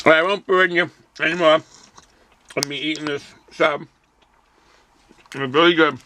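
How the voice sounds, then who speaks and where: A man casually reviewing a beer on his vlog, relaxed and rambling, with lots of ums and uhs. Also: fairly high pitch, normal speed, a little hiss or hum. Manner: relaxed, rambling, many fillers; chews and hums while eating.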